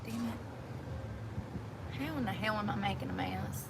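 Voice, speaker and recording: A woman's voice: mid-range voice, moderate pace, gravelly. A woman vlogger talking to herself as she walks outdoors, chatting in a blunt, slangy way into a handheld phone on a windy street. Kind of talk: casual self-talk vlog. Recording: wind and traffic noise outdoors.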